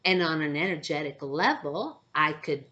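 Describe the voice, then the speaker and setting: A woman's voice: sits low, expressive, moderate pace, bright, forceful tone, highs cut off. A woman who is an empath, telling a spiritual story to camera with hesitant phrasing, many fillers and frequent "okay?" check-ins.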